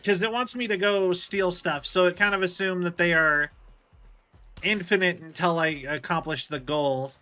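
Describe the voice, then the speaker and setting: A man's voice: sits high, moderate pace, sharp tone, clean tone, faint music behind. A man streaming a video game, chatting casually and explaining things at length with lots of fillers. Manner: rambling, explains with many fillers. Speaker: livestreamer.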